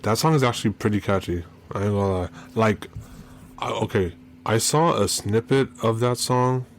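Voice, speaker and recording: A man's voice: lowish voice, normal speed. A man from Maryland hosting a solo podcast, rambling and joking with lots of fillers. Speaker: podcast host. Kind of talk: casual solo podcast chat.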